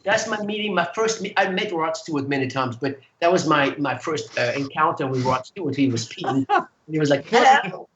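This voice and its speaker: A man, a guest singer, telling animated stories in casual chat and acting out the voices of people he quotes. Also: fairly high pitch, a little fast, echoey room, highs cut off, slight background noise. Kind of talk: casual storytelling.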